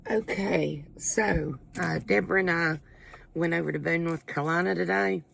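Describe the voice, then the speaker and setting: A woman vlogger with a Southern Appalachian accent, from the coal country of Appalachia in the US, chats casually to the camera at a normal speed. Her lowish voice is creaky and husky, though a bit bright. She rambles in a folksy way and keeps breaking off her own sentences.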